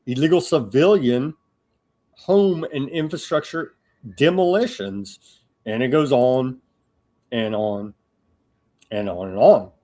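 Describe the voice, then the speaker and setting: A man's voice: mid-range voice, slow, long pauses, warm tone. A man hosting a live political news commentary show, talking in a sarcastic, mocking way with lots of fillers and restarts.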